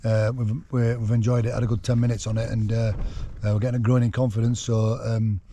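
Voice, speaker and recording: A man's voice: on the low side, level tone, fast, warm tone, a little hiss or hum. Chatty man camping outdoors. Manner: chatty, joking storyteller with many fillers. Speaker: vlogger. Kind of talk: casual outdoor vlog chat. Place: outdoors at a wild camp in wind.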